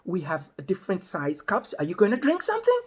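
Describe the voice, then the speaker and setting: A man voicing an eager small-town woman coffee clerk who over-explains everything slowly. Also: mid-range voice, wildly swooping pitch, slightly rough, voice pushed up. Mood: eager, coaxing. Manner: slow, overly helpful, spelling everything out.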